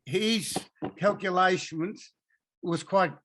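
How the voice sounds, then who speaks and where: Halting Australian woman with faint noise. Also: lowish voice, a bit bright. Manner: halting, restarting storyteller. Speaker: audience member. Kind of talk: casual conversation.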